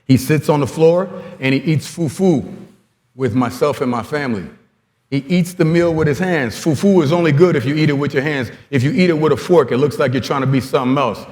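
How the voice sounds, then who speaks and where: A man in his forties giving an animated storytelling talk at a coaching conference, acting out quoted dialogue as he goes. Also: on the high side. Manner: lively storyteller who acts out quoted dialogue. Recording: long hall reverb.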